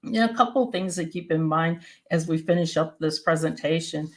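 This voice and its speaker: A woman from Maryland and West Virginia giving an explanatory presentation in a steady, plain-spoken teaching manner. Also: deep voice, normal speed. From Maryland and West Virginia, USA.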